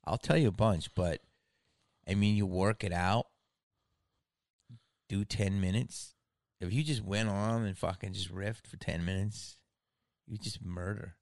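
A man's voice: fairly low pitch, steady tone, a little slow, vocal fry, pauses often, darkish tone, no room sound, studio quality. A man hosting a podcast, talking in a rambling, casual way with frequent laughs and easy swearing. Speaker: podcast host. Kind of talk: casual chat.

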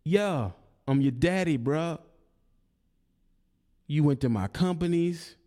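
Speaking slowly with a dark tone and fairly high pitch, a male online commentator aims a preachy, confrontational monologue at a rival. He taunts the rival and returns to the same points again and again.

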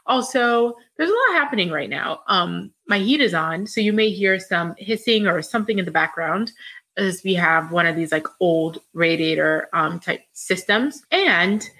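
A woman hosting a solo podcast from her home, chatting in a rambling, warm and candid way. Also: on the low side, expressive, moderate pace. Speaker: podcast host. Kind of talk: solo reflective podcast chat.

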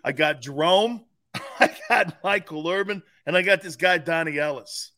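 With a fairly high pitch and a moderate pace, the middle-aged man co-hosts a sports talk program. His chat is casual storytelling, profane and animated, punctuated by frequent laughter.

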